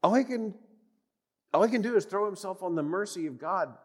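A man preaches in a church with a fairly high voice. He is emphatic and repeats key phrases, dropping to a near hush and then rising again. His voice carries a long reverb through the hall. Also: lively intonation, a little fast. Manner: emphatic, repeats phrases for weight, swings from loud to hushed. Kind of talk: sermon.

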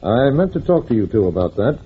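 A man's voice: mid-range voice, sing-song, brisk, slightly rough. An actor playing a smug, pushy male district attorney in a 1940s radio drama, curt and self-assured. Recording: tinny old radio broadcast.

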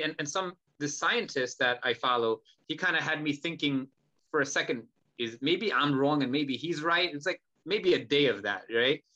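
A man in casual podcast conversation, talking in an animated, profane way and acting out heated exchanges. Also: on the high side, normal speed, lo-fi sound. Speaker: podcast guest, holistic healer.

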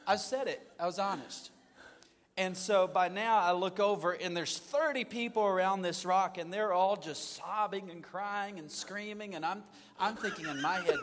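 A man as a guest, telling a personal story in an animated, self-mocking way. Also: high voice, normal speed, in a large hall, slight background noise. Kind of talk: storytelling in a conversation.

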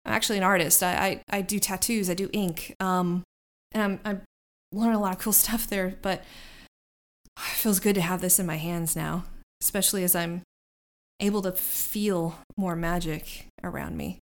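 A woman's voice: on the low side, steady tone, moderate pace, close to an everyday voice. A woman doing a shy stammering tattoo artist. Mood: earnest. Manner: stammering, hesitant.

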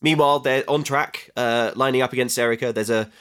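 A man with a mid-range voice walks through a film's plot on a comedy podcast. He tells it in a dry, deadpan way and drops in quick jokes. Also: mid-range voice, clean tone. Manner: deadpan retelling, jokey quips. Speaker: podcast co-host. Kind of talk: comedic film recap chat.

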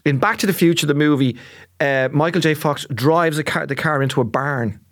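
A man in his forties with an Irish accent, a comedian telling an animated story in casual chat and acting out the voices. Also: on the high side, brisk, no echo, clean studio sound. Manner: animated storyteller, acts out voices, laughs a lot. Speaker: podcast guest, comedian.

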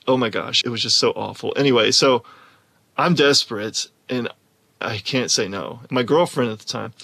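A man telling a personal story in an animated way, often laughing as he talks. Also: mid-range voice, creaky.

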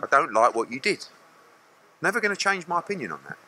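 A man's voice: a little high, very animated, quick pace, pushed and bright, a little hiss or hum. A middle-aged man, a boxing promoter answering press questions bluntly and acting out other people's lines.

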